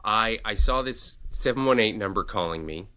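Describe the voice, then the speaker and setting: Man, podcast co-host, dad, lowish voice, sharp tense tone, animated storytelling, many fillers. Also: normal speed, smooth. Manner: animated storyteller, acts out quotes, hesitant fillers. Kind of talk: casual storytelling chat.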